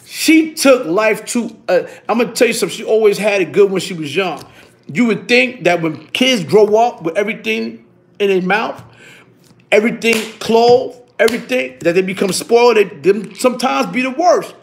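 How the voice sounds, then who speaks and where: A middle-aged man, telling stories in a casual, animated way, full of street slang and repeating himself. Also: high-pitched, moderate pace. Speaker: interviewee. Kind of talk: casual storytelling.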